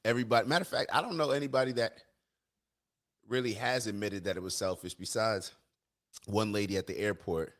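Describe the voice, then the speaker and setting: A man's voice: on the low side, brisk. A man hosting a live stream, talking casually and giving his opinions, often repeating and restarting his phrases.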